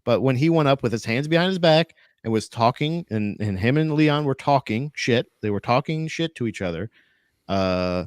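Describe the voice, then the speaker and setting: A man's voice: medium pitch, expressive, normal speed, clean tone, dry recording. Rambling man on a podcast, dry sound. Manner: rambling, many restarts, laughing asides. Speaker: podcast co-host. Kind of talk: casual chat.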